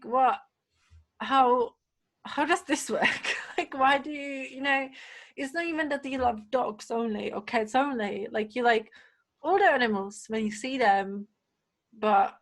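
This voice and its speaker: A woman guest on a podcast, chatting casually and telling animated stories full of fillers and acted-out quotes. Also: a little high. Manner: animated storyteller, many fillers, acts out quotes. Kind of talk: casual chat.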